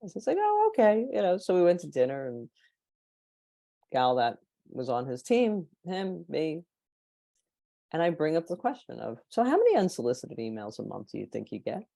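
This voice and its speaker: Her deep, creaky voice moves at normal speed with long pauses and no room sound. A marketing consultant guesting on a podcast, she tells anecdotes in casual, animated chat, acting out the people she quotes.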